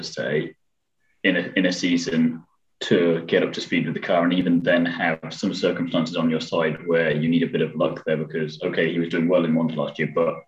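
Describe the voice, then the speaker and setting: A man's voice: low-pitched, roomy sound, muffled recording. A man co-hosting a podcast, casually chatting with teasing, rambling analysis. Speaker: podcast co-host. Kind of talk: casual chat.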